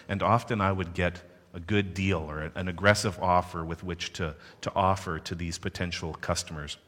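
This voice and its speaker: A man from Canada telling a personal story with playful asides to his listeners. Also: deep voice. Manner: animated, playful asides to the audience. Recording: long hall reverb.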